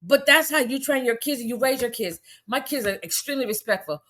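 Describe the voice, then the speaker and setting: A middle-aged woman, ranting in a loose, casual commentary. She talks bluntly and indignantly, lecturing like a no-nonsense parent, and her voice shoots up high in exasperated bursts. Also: animated, brisk, fairly bright tone. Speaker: commentary vlogger.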